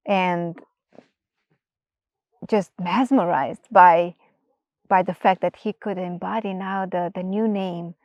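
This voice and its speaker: Slow, expressive woman storyteller. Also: mid-range voice, vocal fry, no echo, dull audio. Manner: slow, expressive, drops to near-whisper at times. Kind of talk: gentle storytelling narration.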